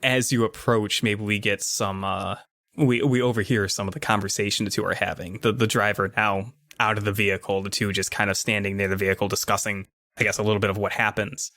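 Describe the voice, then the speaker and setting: A man narrating a tabletop game as game master, describing each scene like comic panels. His voice sits fairly low, and the sound is dry and close. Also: level tone, fairly quick, bright, forceful tone, no room sound.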